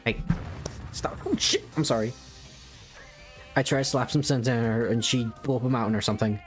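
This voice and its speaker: A man's voice: mid-range voice, fairly quick, faint music behind. A man playing a game, reading its dialogue aloud with casual, wry asides. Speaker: gamer.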